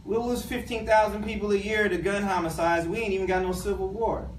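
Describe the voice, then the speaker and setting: A man's voice: high-pitched, fairly even intonation, brisk, slight background noise. A man giving a community talk to a live audience as a guest speaker, speaking emphatically and colloquially and addressing the crowd directly. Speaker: guest speaker, education professor. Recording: echoey room, mic at a distance.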